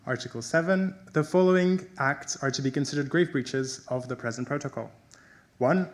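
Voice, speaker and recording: A man reads out mock legal articles in a dry, deadpan way at a graduation ceremony. His voice sits a little high for a man. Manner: deadpan reading, breaking into laughter. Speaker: graduating student presenter.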